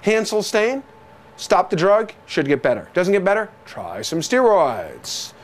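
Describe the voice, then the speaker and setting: A man's voice: sits high, wildly swooping pitch, a little slow. A man giving a jokey exam review lecture who quizzes listeners with rhetorical questions and repeats key terms.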